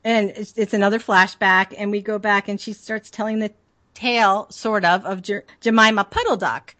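A woman's voice: mid-range voice, fairly even intonation, moderate pace, a bit bright. Chatty woman podcast co-host. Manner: chatty, adds historical corrections. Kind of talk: casual movie recap chat.

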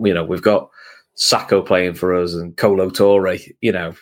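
A man who is a guest on a football podcast, telling stories and acting out quotes with animated energy. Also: low-pitched, moderate pace. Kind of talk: casual football chat.

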